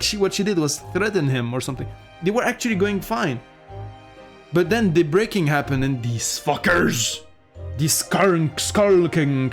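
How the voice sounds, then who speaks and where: A man streaming a game, giving excitable commentary, swearing often and laughing. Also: fairly high pitch. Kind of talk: let's-play commentary.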